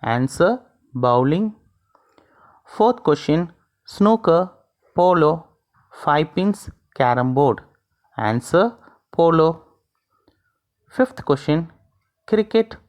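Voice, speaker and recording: Slow, deliberate Indian English teacher. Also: mid-range voice. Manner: slow, deliberate dictation of questions and answers. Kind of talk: reading out textbook exercise answers.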